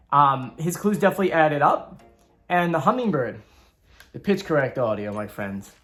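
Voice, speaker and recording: A man with a high, slightly bright voice hosts his own channel and walks viewers through a homemade game board. His show-and-tell is casual, chatty and upbeat, with rambling asides along the way.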